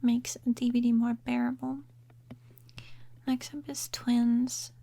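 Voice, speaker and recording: Woman, soft-spoken ASMR chat, whispery, slow and unhurried delivery. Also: fairly high pitch, little pitch movement, creaky. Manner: whispery and mumbly, with trailing restarts. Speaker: ASMR gaming creator. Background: quiet rain sounds.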